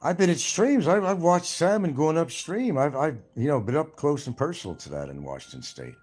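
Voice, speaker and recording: A man's voice: on the high side, sing-song, a little fast, a little mellow, husky, soft background music. An older man from New York with a mild New York accent, rambling bluntly and swearing freely in a casual monologue. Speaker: vlogger.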